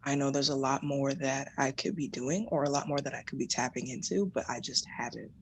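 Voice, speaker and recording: A woman's voice: a bass voice, steady tone, brisk, slight background noise. A woman calling in, asking a thoughtful question in a slightly apologetic way. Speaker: caller. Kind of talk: call-in question.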